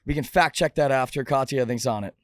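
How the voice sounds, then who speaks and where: A young man hosting a podcast, chatting casually and venting in an animated, joking way into a studio mic. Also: mid-range voice, fast, no echo. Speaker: podcast host.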